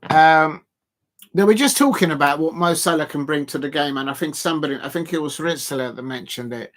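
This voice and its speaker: A man hosting a live football watch-along with a slightly higher voice. He rambles casually to his viewers, often trailing off into ums and restarting his sentences. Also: fairly quick, a bit bright. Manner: rambling, full of fillers and restarts, talking to chat viewers.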